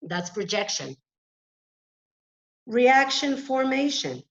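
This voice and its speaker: A woman giving an online webinar talk, explaining in an earnest way with halting restarts over a video call microphone. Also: high-pitched, expressive, creaky, fairly bright tone, lo-fi sound. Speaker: webinar presenter. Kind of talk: lecture-style webinar talk.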